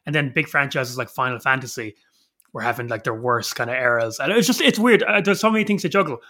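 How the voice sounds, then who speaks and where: A man in his thirties chats on a podcast with a bright, sharp tone. He rambles and swears freely, getting animated as he talks through his thoughts. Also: medium pitch, fast. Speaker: podcast co-host. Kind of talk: casual chat.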